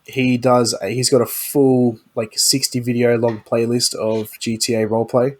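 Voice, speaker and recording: A man's voice: mid-range voice, level tone, moderate pace. A man co-hosting a podcast, talking in an easygoing way with many likes and ums. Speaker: podcast co-host. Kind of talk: casual chat.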